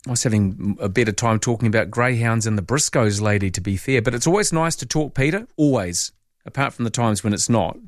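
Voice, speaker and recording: A man's voice: medium pitch, no room sound, clean studio sound. A man hosting an overnight radio talk show, chatting casually and reading out listener texts. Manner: chatty, self-mocking, reads out texts. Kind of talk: casual late-night radio chat. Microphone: studio mic.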